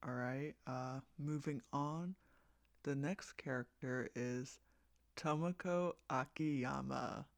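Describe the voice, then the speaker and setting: A man's voice: medium pitch, slow pace, vocal fry, no room sound. An American man rambling casually about a casting call, hesitant and full of fillers and restarts. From United States. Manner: meandering, hesitant, with many fillers and self-corrections. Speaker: fan project creator running a voice casting call.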